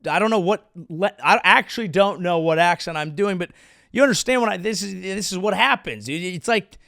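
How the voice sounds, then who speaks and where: A man's voice: high voice, normal speed, gravelly, pushed and bright, no room sound, clean studio sound. Rambling profane male comedian host. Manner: rambling, profane, self-deprecating. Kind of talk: comedic monologue.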